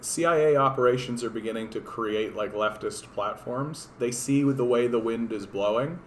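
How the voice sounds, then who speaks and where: Hoarse, sarcastic man streaming. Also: mid-range voice, moderate pace, slight background noise. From Canada. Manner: sarcastic, rambling, profane. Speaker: political streamer. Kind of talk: casual livestream commentary.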